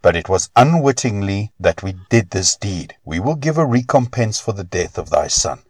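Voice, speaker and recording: A man's voice: fairly low pitch, lively intonation, normal speed, no echo. A man as a grave, solemn elder god. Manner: solemn, archaic speech. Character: eldest male god, grave and measured. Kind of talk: storybook reading.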